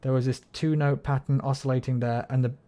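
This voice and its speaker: A man's voice: medium pitch, little pitch movement, brisk, dark tone, lo-fi sound. A man chatting casually on a livestream, explaining music theory, humming melodies and swearing when frustrated. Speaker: streamer. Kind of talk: casual livestream chat while gaming.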